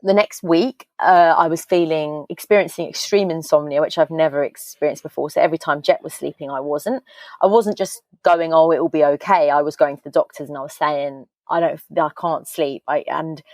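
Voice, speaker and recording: Low-voiced woman, candid storytelling. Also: moderate pace, darkish tone, no room sound. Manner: open, tumbling storytelling that acts out quoted voices. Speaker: podcast guest, author. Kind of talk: candid casual interview chat. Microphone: video call.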